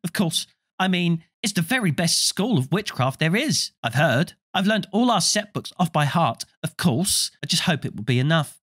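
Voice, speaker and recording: A man reading aloud voices a bossy, fast-talking know-it-all schoolgirl in a storybook. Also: extremely high pitch, very animated, a bit bright, pitched above the performer's own voice, heavily acted. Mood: bossy eager. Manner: rapid and bossy.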